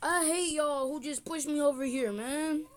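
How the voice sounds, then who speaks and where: Recorded via phone screen capture, this is casual gameplay commentary from an older woman joking and teasing as she plays a game with family. Her voice is high and her speed is normal.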